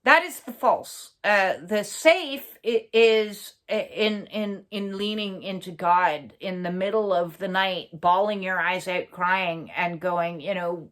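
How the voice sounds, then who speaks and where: Slow, halting woman speaker. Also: mid-range voice, fairly bright tone. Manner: earnest, halting, many fillers and pauses; blunt, swears for emphasis. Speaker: spiritual channel host. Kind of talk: reflective personal monologue.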